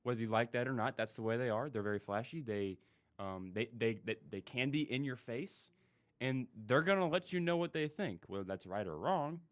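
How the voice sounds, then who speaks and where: A man co-hosting a casual baseball talk show, speaking haltingly with many fillers and restarts. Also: medium pitch, expressive. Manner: halting, lots of ums and restarts. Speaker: podcast co-host.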